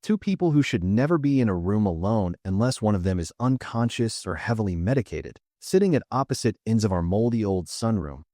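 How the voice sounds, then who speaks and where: A man's voice: fairly low pitch, animated, a little fast, hardly any pauses, mellow, dry recording. A young man narrating a scripted comic story in a dry, sarcastic way.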